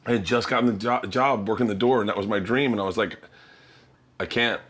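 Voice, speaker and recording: A middle-aged man hosting a casual chat, telling animated stories and acting out the people in them. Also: on the low side, quick pace. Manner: animated anecdotes, acting out quoted people, laughing often. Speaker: host.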